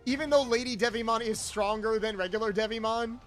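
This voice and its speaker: A man's voice: high-pitched, steady tone, brisk, fairly bright tone, soft background music. A young man, a streamer host, chatting casually and acting out the people he quotes in his stories. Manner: rambling storyteller, acts out quotes. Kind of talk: casual chat while gaming.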